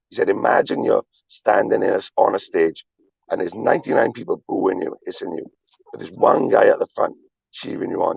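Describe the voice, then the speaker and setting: Livestreaming in a brisk, lowish voice that's gravelly and husky, a man rambles through emphatic confessional talk. Swearing and repetition come up constantly, over dull lo-fi audio with no echo.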